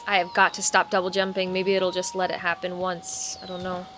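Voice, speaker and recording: A woman's voice: fairly low pitch, monotone, fairly quick. A woman chatting casually on a live stream while gaming, reacting aloud and greeting viewers. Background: game music.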